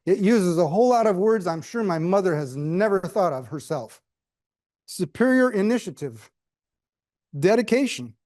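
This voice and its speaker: A man's voice: high-pitched, darkish tone, no echo. A middle-aged man giving a prepared speech with humorous storytelling, dry asides and questions to the audience. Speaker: club speaker.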